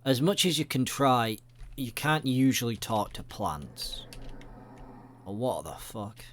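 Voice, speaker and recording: A man's voice: medium pitch, lively intonation, slow, fairly bright tone. A man giving rambling, jokey let's-play commentary, swearing often. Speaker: gaming video creator.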